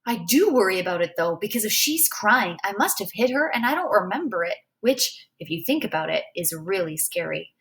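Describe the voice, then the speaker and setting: A woman reading a novel aloud as a first-person storyteller, in an expressive way. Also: medium pitch, a little fast, few pauses. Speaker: reader.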